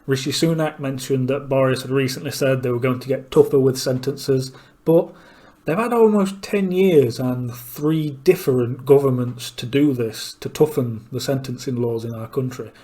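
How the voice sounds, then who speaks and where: Man, political commentary, blunt, opinionated, pointed questions, medium pitch. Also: moderate pace, mellow. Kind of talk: opinionated commentary over clips.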